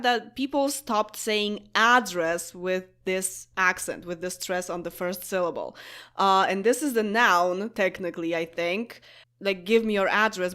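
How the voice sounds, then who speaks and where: A young woman whose first language is Polish gives casual let's-play commentary on a life-sim game, talking to her characters and laughing often. Her voice is mid-range with a fairly bright tone.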